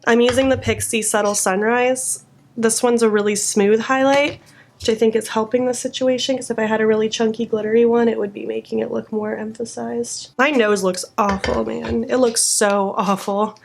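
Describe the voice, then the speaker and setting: Young female beauty vlogger, slightly high voice, casual and self-critical. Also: slight background noise. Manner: chatty, self-critical, easily frustrated. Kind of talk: chatty makeup tutorial.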